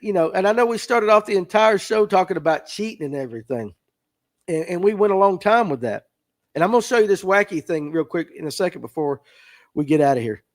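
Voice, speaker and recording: A man hosting a fishing podcast livestream, chatting casually and reading out viewer comments in a folksy way. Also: high voice. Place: tackle shop.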